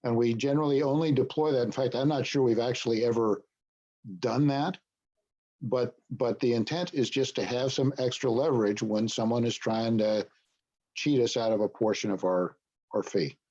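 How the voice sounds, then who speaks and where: A man's voice: mid-range voice, steady tone, normal speed, dark tone. Man teaching on a muffled line. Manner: explanatory, checks in with "okay?". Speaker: business broker trainer. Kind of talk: training session talk.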